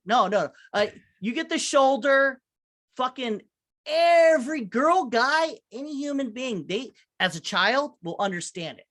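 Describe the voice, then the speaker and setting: A woman's voice: a little high, expressive, moderate pace, fairly bright tone. A woman chatting loosely on a podcast, full of fillers and swearing. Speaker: podcast co-host. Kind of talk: casual chat.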